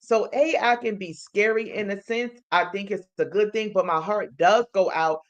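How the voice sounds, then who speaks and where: A woman's voice: medium pitch, normal speed, dull audio. Rambling woman co-host thinking aloud. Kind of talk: casual live-stream chat.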